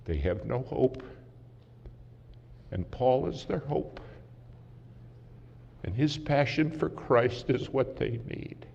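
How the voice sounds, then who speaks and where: Slow gravelly preacher man. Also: medium pitch, expressive. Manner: dramatic, swings from loud to hushed. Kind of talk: sermon storytelling. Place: large conference hall. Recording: muffled hall recording with faint hiss.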